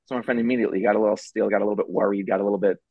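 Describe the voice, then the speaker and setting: A middle-aged man, a rabbi telling a story on a charity broadcast panel, casual and animated, with many fillers. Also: lowish voice, rapid-fire, gravelly, slightly rough, narrow, tinny audio. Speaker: rabbi and parenting speaker.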